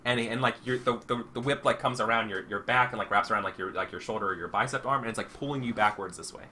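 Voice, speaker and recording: Bright-voiced male game master, hesitant. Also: lowish voice, fast, a little hiss or hum. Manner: hesitant, full of fillers and restarts. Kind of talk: narrating a tabletop game.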